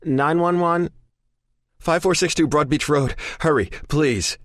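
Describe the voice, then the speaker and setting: A man's voice: a little high, expressive, fairly quick, no echo, studio quality, voice pushed up, close to an everyday voice. A man voicing a panicked young man who pleads frantically for help. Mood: frantic.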